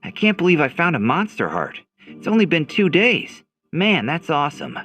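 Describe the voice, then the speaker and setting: An eager young martial arts trainee, as a male narrator puts him on, exclaiming in a voice pitched well above the narrator's own. He sounds thrilled and lively, set over faint background music. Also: moderate pace. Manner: excited, exclaiming.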